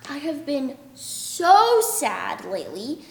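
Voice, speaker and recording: A woman putting on a mopey, whiny character, high-pitched and swinging wildly up and down as it pleads, slow and drawn out. It sounds off mic in an echoey hall. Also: huge pitch swings, creaky, exaggerated voice.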